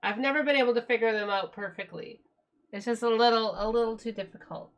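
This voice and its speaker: A woman's voice: a little high, quick pace, lo-fi sound. A woman streamer chatting casually with viewers, rambling and restarting her sentences, her voice tired. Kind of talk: casual live-stream chat.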